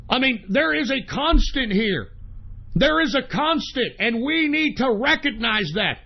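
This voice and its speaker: A man's voice: very high-pitched, expressive, measured pace, vocal fry, muffled recording. A man hosting a talk radio show, delivering an angry, profane political rant.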